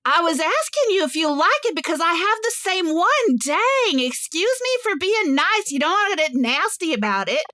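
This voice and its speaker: A woman's voice: very high voice, very animated, normal speed, hardly any pauses, bright, forceful tone, dry recording, studio quality, pitched above the performer's own voice, heavily acted. A woman voicing a snippy woman stranger on a hospital bench who takes offense sarcastically. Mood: offended.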